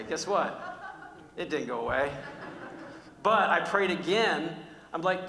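A man preaching a sermon, telling personal stories in an animated, conversational way with frequent restarts. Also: a little high, normal speed, a little hiss or hum. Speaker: pastor. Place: large church hall. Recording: echoey church hall with long reverb.

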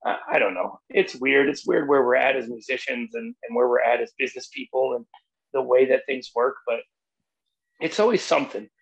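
Gravelly, rambling musician from New Jersey. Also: male voice, medium pitch, animated, fairly quick, lo-fi sound. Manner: rambling, repeats himself, says "dude". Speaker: podcast guest, musician. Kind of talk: casual conversation.

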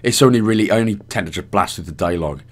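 A chatty Welsh man hosts a gaming guide, narrating a casual walkthrough in a lowish voice at a very fast clip. He rambles and mocks himself along the way.

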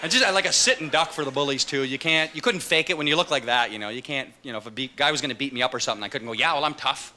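A man performing a stand-up comedy set on stage, animated and swinging into loud high-pitched voices for his characters. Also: racing, few pauses. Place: comedy club stage with a live audience. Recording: live stage recording with loud audience noise.

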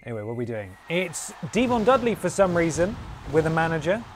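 A man's voice: fairly high pitch, big pitch swings, brisk, music in the background. Playful man doing mock wrestling commentary. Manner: playful, jokey, breaks into humming and sound effects. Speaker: streamer playing a wrestling game.

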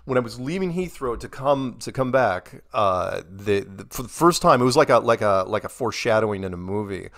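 A man's voice: on the low side, lively intonation, a little fast, hardly any pauses, fairly bright tone. A middle-aged American man, a guest in an interview, telling long rambling stories with quoted dialogue and frequent restarts. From United States. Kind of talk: casual storytelling interview.

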